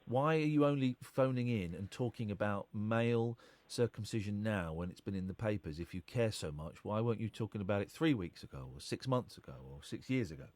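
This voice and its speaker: A man's voice: lowish voice, lively intonation, brisk, few pauses, darkish tone, no echo. A man hosting a late-night radio phone-in, blunt, pressing and sarcastic. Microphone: studio microphone.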